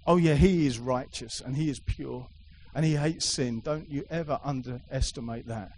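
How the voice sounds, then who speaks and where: A man's voice: mid-range voice, normal speed, a little mellow, a little hiss or hum, low-quality recording. A middle-aged man preaching a sermon to a congregation, emphatic and repetitive, with playful asides. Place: church hall with a live congregation.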